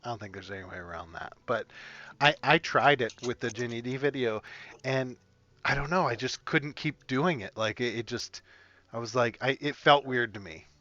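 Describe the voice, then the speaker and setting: A man chats casually with a bright, forward voice, animated and quick to laugh. His pitch sits in the middle range. The recording is dry and somewhat dull, like a lo-fi stream microphone. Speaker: player. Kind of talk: casual chat after a tabletop game stream.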